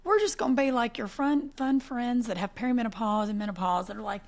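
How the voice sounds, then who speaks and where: A woman in her forties co-hosting a podcast, telling animated stories in casual chat and laughing often. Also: on the high side, fast talker. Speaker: podcast co-host.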